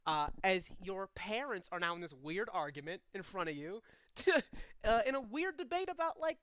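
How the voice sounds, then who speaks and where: A man's voice: sits high, sing-song, moderate pace, sharp tone, clean tone, no echo. A young man narrating as game master, rambling, with many fillers and restarts.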